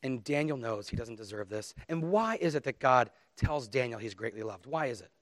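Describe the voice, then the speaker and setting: A man's voice: medium pitch, animated, fairly quick, a bit bright, no echo, studio quality. A man preaching a sermon, earnest and emphatic, reading scripture aloud with dramatic emphasis. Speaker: pastor.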